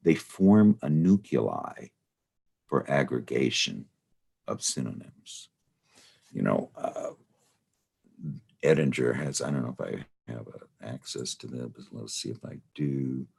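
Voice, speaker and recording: Very deep, gravelly man rambling through a lesson. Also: lively intonation, slow pace, pauses often, a little mellow. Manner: meandering, full of "you know" and "uh". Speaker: study group leader. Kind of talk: casual rambling lecture with anecdotes.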